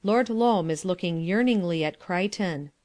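A woman reads stage directions in an even, matter-of-fact way. Her voice is on the low side. The sound is dry and close. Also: unhurried, no echo. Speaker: narrator reading stage directions. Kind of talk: plain audiobook reading.

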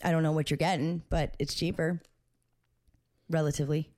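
Woman, podcast co-host, casual chat, frank and slangy, repeats herself for emphasis, lowish voice. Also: little pitch movement, normal speed, a little mellow. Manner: candid and slangy, with emphatic repetition.

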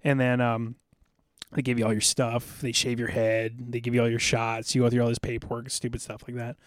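Quick-talking veteran guest, rambling war stories, dry close sound. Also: male voice, mid-range voice, no room sound. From South Dakota, USA. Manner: rambling, animated, acts out drill sergeants. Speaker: podcast guest, military veteran. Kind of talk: casual storytelling chat.

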